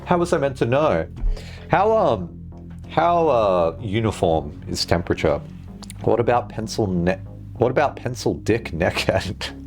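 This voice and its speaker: A man's voice: fairly low pitch, darkish tone. A man streaming a game, musing aloud in casual chat and swearing freely. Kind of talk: casual livestream chat while gaming.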